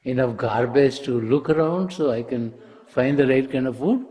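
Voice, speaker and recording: A man's voice: medium pitch, moderate pace, warm tone, husky, natural voice. A man voicing a stubborn mother pig who questions everything while telling a spiritual parable. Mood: incredulous.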